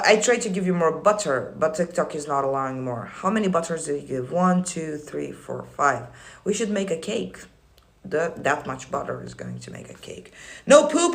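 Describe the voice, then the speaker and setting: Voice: mid-range voice, fairly bright tone. A manifestation coach on a casual livestream, reading viewer comments aloud and answering them in a blunt, swearing, teasing way.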